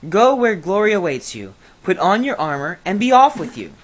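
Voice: medium pitch, very animated, normal speed, slight background noise, pitched above the performer's own voice, close to an everyday voice, poor audio. Reader doing a scheming old king. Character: scheming old king, sly and self-serving.

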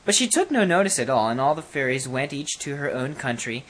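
A narrator reading a fairy tale aloud in an expressive, animated way. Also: medium pitch, brisk.

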